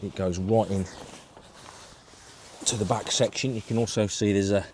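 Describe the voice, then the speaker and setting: Slight background noise sits behind this man's low, slightly mellow voice, which keeps a moderate pace and fairly even intonation. As an angling vlogger, he casually narrates setting up a fishing shelter in his garden step by step, holding his handheld video camera with one hand.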